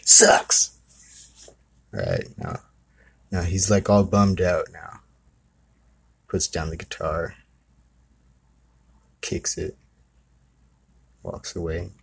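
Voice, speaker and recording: A man with a low, husky voice tells a story straight to the listener. He rambles casually and keeps breaking off for asides. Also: fairly even intonation, slow pace, pauses often. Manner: rambling, conversational, many asides. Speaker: host.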